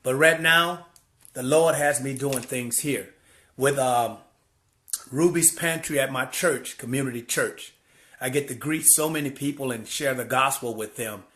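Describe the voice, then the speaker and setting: Bright-voiced man telling a heartfelt testimony. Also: medium pitch, unhurried. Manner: animated storyteller, repeats phrases for emphasis; preacherly, heartfelt. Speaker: church volunteer sharing his story. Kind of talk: personal testimony vlog.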